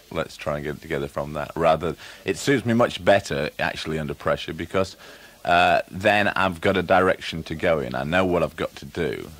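A man from England with a Lincolnshire accent, a songwriter guest on a radio show, answering in a relaxed, hesitant, good-humoured way. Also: rumbling low. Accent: Lincolnshire English. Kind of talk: radio interview.

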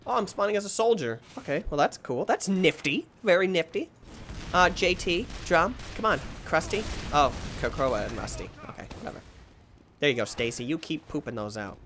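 Excitable guy doing let's play commentary, bright voice, faint noise behind, yells when he gets frustrated. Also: a little high, fairly quick. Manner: excitable, yelps and shouts when frustrated, self-mocking. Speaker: gaming channel host.

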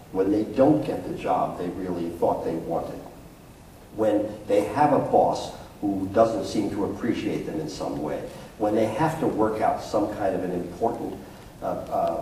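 Male psychologist speaker, mellow tone, anecdotal storyteller who acts out quotes, heard from a distance in a very echoey school hall. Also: lowish voice, slight background noise. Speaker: psychologist giving a talk to parents. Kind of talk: public talk to an audience.

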